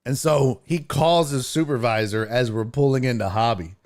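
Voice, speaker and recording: A man hosting a sports talk show, telling a story in a heated, profane, animated way. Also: mid-range voice, moderate pace. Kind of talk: casual storytelling.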